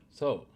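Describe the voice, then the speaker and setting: A man hosting a gaming news show, chatting casually to viewers in a relaxed, rambling way with many fillers. He is losing his voice and coughs now and then. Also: slight background noise.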